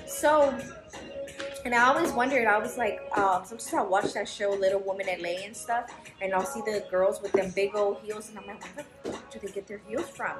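Young woman vlogger, blunt and profane, mid-pitched voice, roomy echo, music under her. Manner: frank, swears freely, chatty storytelling. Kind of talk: casual chat to camera.

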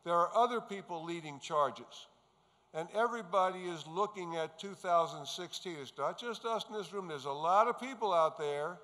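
A man's voice: a little high, a bit bright. A man from New York giving an earnest, emphatic testimony speech to a gathering of pastors, telling his story as he goes. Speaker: conference speaker. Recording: reverberant hall sound.

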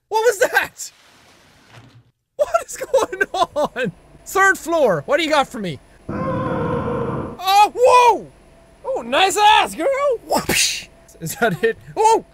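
A young Irish man giving loud, panicky let's-play commentary, yelping, laughing and swearing at a scary game. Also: very high voice. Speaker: gaming video host.

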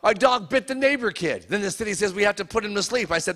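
High, bright-voiced stand-up comic man. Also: animated. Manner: loud, fast-joking, teases the audience. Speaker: stand-up comedian. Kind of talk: stand-up comedy set with crowd work. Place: comedy show before a live audience.

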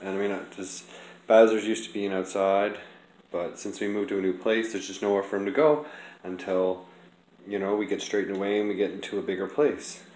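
Man, low voice, casual home video, scolds pets and swears, echoey room, faint noise. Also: a little fast. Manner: swings from calm explaining to loud scolding of the cats. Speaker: cat owner filming his pets.

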